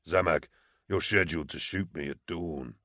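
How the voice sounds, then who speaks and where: A placid condemned prisoner, calm and detached, as a male narrator voices him in an audiobook. The voice sits very deep and low in the chest and is softer than the narration around it. It is recorded close and dry. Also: moderate pace, no room sound. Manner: placid, reasoned, quietly detached.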